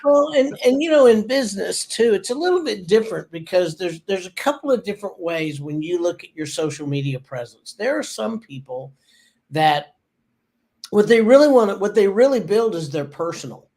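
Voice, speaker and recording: A man's voice: high voice, very animated, moderate pace, a little mellow. A man co-hosting a marketing talk show, easygoing and self-deprecating in casual chat.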